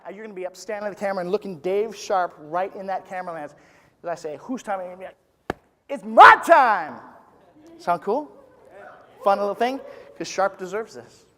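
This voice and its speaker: At a live business seminar, a man with a high voice talks fast, delivering an energetic, joke-filled motivational speech and getting the crowd to chant along. He's the motivational speaker at this business event, recorded in a large, reverberant conference hall full of people, where audience responses and applause can be heard.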